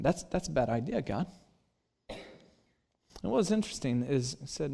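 A middle-aged man preaching a sermon as pastor, telling a personal story and acting out the dialogue, swinging between quiet and loud. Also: mid-range voice, big pitch swings, a little slow, creaky, long pauses.

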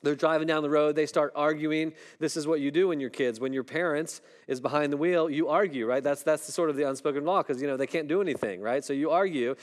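Man, middle-aged pastor, sermon, slightly high voice, chatty storytelling, drops to hushed tones. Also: quick pace, few pauses. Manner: conversational, asks the room "right?" often; dramatic storytelling, voice drops low and soft at tense moments.

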